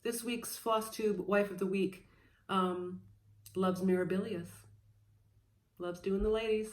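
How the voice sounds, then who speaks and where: A woman's voice: medium pitch, fairly even intonation, slow. A woman in her thirties chatting casually and playfully as she shows off her cross-stitch haul, a bit scattered with lots of fillers. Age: 30s. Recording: echoey room.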